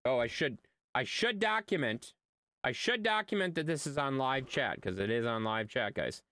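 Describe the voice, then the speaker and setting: With no room sound, a medium-pitched man at normal speed chats casually with viewers while streaming a game. He's lively and playful, often repeating phrases.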